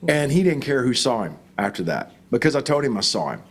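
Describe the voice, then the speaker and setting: A man's voice: medium pitch, sing-song, fast talker, husky. A middle-aged man, a pastor, telling a story in conversation with fervent, emphatic declarations.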